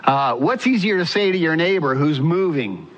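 A man's voice: a little high, expressive, moderate pace, a bit bright. A male pastor preaching a sermon in an earnest style, putting questions to the congregation. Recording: muffled sound with long church reverb.

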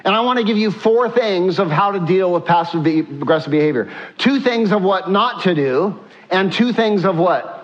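High-pitched pastor preaching with emphasis. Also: male voice, expressive, moderate pace, highs cut off. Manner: emphatic, repeats points, frequent "uh" fillers. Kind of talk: sermon.

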